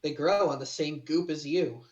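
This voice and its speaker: A man voicing a sly, charming male clone officer with a smooth, teasing manner, recorded distant in a roomy space on a dull mic. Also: on the high side, moderate pace, darkish tone, voice pushed down, lightly acted.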